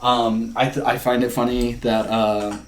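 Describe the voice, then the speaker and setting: A man's voice: medium pitch, a little slow, echoey room, slight background noise. A man co-hosting a podcast, chatting casually and telling stories with jokes. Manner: animated, jokey storytelling. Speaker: podcast co-host. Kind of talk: casual chat.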